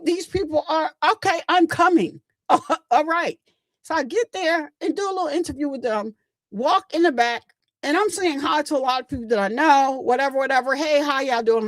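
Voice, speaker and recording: A woman's voice: high-pitched, dry recording. A middle-aged woman hosting a livestream, telling rambling stories in casual chat and talking straight to her viewers. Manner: rambling, chatty, addresses viewers directly. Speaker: channel host.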